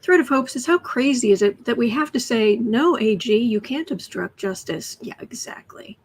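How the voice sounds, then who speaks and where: A woman hosting a casual tarot livestream from home, chatty, often dropping to soft whispers. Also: a little high, lively intonation, normal speed, husky. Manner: chatty, soothing her cat in soft whispers between remarks. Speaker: astrology and tarot livestream host. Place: home room.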